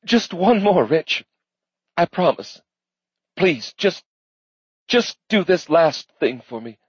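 A man's voice: on the high side, big pitch swings, moderate pace, no echo, highs cut off, voice pushed up. A man narrating an audiobook voices a shaken female police chief who gives urgent orders and pleads for help. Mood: pleading.

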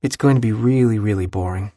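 A man's voice: fairly low pitch, quick pace, warm tone, dry recording. A man doing a dry-witted lawyer. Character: reserved adult male lawyer, dry wit.

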